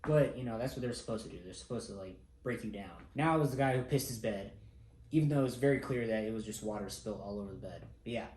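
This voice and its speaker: A man's voice: fairly low pitch, quick pace, darkish tone. A young man casually recounting a personal story, laid-back and self-mocking, swearing freely. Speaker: vlogger. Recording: roomy echo.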